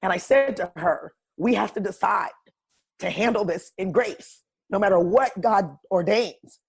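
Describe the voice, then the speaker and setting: A woman's voice: medium pitch, unhurried, creaky, breathy edge. Woman guest, wellness coach type. Emphatic, straight-talking, preachy. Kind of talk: casual podcast conversation.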